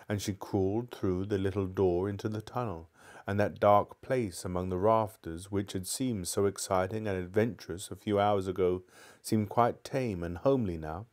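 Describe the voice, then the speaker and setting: A man's voice: low-pitched, moderate pace, darkish tone. A man reading a children's novel aloud live, sometimes stumbling and restarting lines. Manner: stumbles and restarts, apologizes to viewers. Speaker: book reader.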